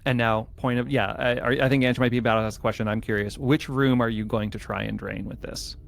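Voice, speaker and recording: A man's voice: mid-range voice, fairly even intonation, fast, gravelly, slight background noise. A man narrating as game master, explaining the scene carefully with frequent hesitations and restarts.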